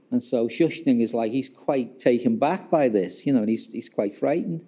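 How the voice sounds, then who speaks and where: A man's voice: mid-range voice, moderate pace, few pauses, mellow, husky. A man talking casually about a history book, telling an episode as a story and acting out the quoted dialogue, with many restarts. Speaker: author discussing his book. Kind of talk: casual spoken history talk.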